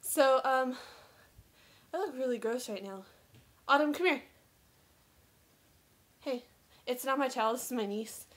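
A woman's voice: sits high, measured pace, pauses often. Giggly young woman with a twang. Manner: giggly, playful, teasing. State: out of breath. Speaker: vlogger. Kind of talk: casual chat. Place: bedroom.

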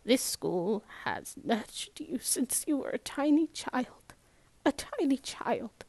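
A woman's voice: sits high, very animated, slow pace, darkish tone, no room sound, exaggerated voice. Woman voicing a distraught older headmistress. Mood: reproachful.

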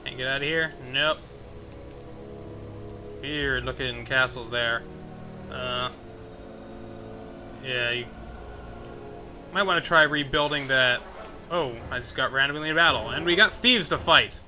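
A man's voice: mid-range voice, unhurried, pauses often, sharp tone, soft background music. A man giving casual, joking commentary while playing a video game and thinking aloud as he goes. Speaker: let's play host.

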